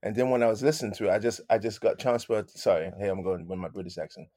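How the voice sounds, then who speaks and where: A man with a lowish voice tells stories as an interview guest. He talks in an animated way, circles back on his own phrases and sprinkles in "man". The sound is dry and close. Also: fast, no echo. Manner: animated, repeats phrases, says "man" a lot. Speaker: guest musician. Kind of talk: casual interview storytelling.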